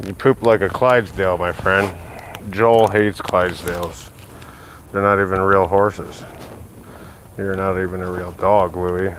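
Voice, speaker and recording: A man chatting casually and cursing as he walks his dog, muttering asides and jumping way up in pitch to praise the dog, filmed on a phone outdoors. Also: unhurried, pauses often, slight background noise. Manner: relaxed and profane, muttering asides, jumps high when praising the dog. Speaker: dog owner streaming a live walk. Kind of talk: casual live-stream commentary while walking a dog. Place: outdoors on a street. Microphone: phone held while walking.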